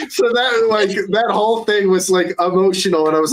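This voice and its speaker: High-voiced excitable man swearing casually. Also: brisk, few pauses. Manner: excitable, swears a lot while retelling scenes. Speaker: podcast co-host. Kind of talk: casual chat.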